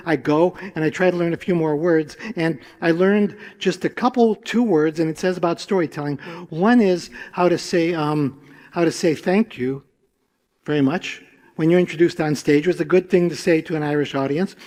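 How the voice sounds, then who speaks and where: A man's voice: on the high side, a little mellow. A man in his sixties telling stories on stage to a live audience, chatty and drawing the crowd in with questions. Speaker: storyteller. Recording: long reverb from a large hall.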